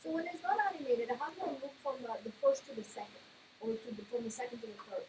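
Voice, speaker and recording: A woman's voice: fairly high pitch, lively intonation, fast, darkish tone, a little hiss or hum, poor audio. A woman teaching an art class, giving feedback on a student project and often checking if her points make sense. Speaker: art instructor. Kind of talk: classroom critique.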